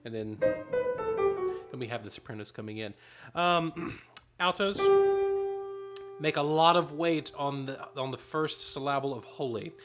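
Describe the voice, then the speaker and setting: A man's voice: mid-range voice, moderate pace, over loud music. A man leading a choir rehearsal, giving directions between short sung demonstrations. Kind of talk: rehearsal instruction.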